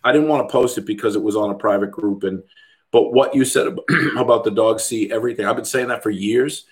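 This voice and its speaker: A man's voice: lowish voice, fairly quick. A middle-aged man, a dog trainer, talking in casual podcast chat, blunt and profane, mimicking other people's voices as he rants.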